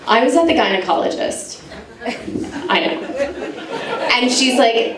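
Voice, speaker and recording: A woman's voice: on the high side, expressive, unhurried, distant mic. An American woman in her thirties performing a chatty, self-mocking stand-up set in front of a live audience. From United States. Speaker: stand-up comedian. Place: live comedy venue with audience. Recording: echoey room, mic heard from afar, crowd laughter.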